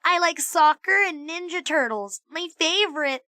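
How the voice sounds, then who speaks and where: An eager little schoolgirl with a small, energetic voice, played by a woman reading a storybook. High and chirpy, bright in tone and close to the mic. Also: normal speed, dry recording, exaggerated voice.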